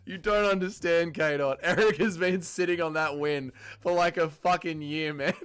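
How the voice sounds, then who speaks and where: A man's voice: fairly high pitch, steady tone, normal speed, clear, resonant tone. Laughing Australian man streaming live. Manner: loud, laughing, swearing banter with chat. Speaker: livestream host. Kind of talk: casual livestream chat reading viewer comments.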